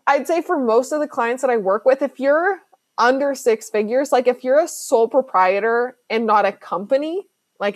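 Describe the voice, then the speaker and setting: A woman's voice: on the high side, no echo. Chatty, slangy woman podcast host. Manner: chatty, fillers like "like", slangy and emphatic. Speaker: podcast host and business coach. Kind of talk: casual solo podcast talk.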